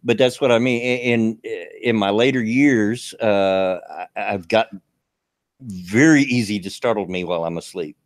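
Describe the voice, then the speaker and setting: A man's voice: lowish voice, measured pace, no echo, studio quality. Folksy man hosting a stream. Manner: folksy, rambling, with many fillers and restarts. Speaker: live stream host. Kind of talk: casual chat.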